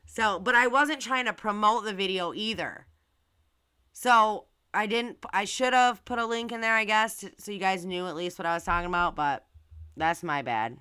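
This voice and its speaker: Bright-voiced woman chatting to viewers. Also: mid-range voice, moderate pace, smooth, no room sound. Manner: rambling, filler-heavy, talks to viewers directly. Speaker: channel host. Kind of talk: casual live-stream commentary.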